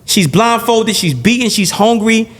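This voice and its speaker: High-voiced man, animated and blunt. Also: a little slow. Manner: animated and repetitive, stacking phrases and restarting; blunt and profane. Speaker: podcast guest. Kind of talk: heated podcast interview.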